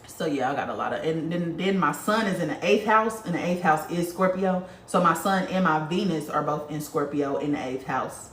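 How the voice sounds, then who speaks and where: Speaking at normal speed with few pauses, a low-voiced woman reads out viewer comments on her casual spiritual livestream, blunt, animated, and profane. She sounds distant from the mic in a roomy space, with slight background noise.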